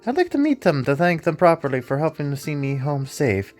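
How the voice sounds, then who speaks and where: A man's voice: on the high side, sing-song, a little fast, a little mellow, soft background music, voice pushed up. A man voicing a spry, jolly old male archaeologist with a Scottish accent, reading game dialogue aloud.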